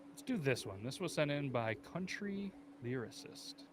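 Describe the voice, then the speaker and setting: A man hosts a casual podcast and trades easygoing banter with his co-hosts. His voice sits at a middle pitch, and faint noise runs underneath. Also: sing-song, moderate pace. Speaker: podcast host.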